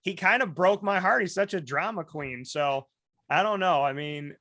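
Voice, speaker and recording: Bright, animated male storyteller host. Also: high voice, moderate pace, dry recording, clean studio sound. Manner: animated storyteller, acts out quoted voices, many restarts. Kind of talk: casual storytelling chat.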